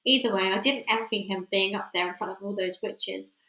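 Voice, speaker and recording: A woman reading a children's novel aloud with clear storytelling, then chatting hesitantly as she signs off. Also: mid-range voice, fairly even intonation, fairly quick, pushed and bright. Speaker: audiobook reader. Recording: roomy echoey room.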